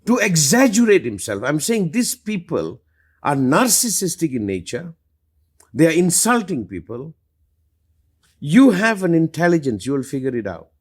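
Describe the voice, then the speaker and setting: A middle-aged man with a husky voice speaks at normal speed as a spiritual teacher during a live question-and-answer talk. He's emphatic and passionate, with lively swings in pitch and loudness.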